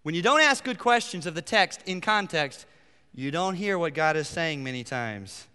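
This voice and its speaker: A middle-aged man preaching a sermon as pastor, emphatic, rising to near-shouts on his key points. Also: on the high side, expressive, normal speed, clean tone. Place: church sanctuary. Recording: long hall reverb.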